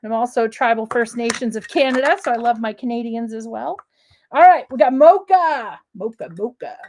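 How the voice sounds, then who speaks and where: A middle-aged American woman hosting a live crafting demo, bubbly and excitable, laughing often and chatting with viewers. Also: on the high side, normal speed. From United States. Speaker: craft livestream host.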